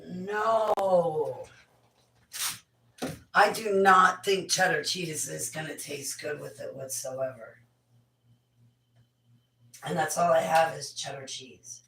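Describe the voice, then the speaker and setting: Brief: actress as a sour, deadpan female Grinch creature, low and gravelly, noisy home recording. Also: slow, pauses often, reverberant, exaggerated voice. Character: grumpy green female Grinch-like creature who hates cooking. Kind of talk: character comedy vlog.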